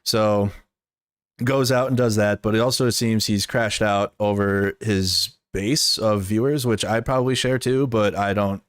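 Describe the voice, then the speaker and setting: A man gives off-the-cuff commentary in a low voice. He is blunt and profane, and he rambles with plenty of "like" fillers. The sound is close and dry. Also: no echo. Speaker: streamer and political commentator. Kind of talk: casual commentary stream.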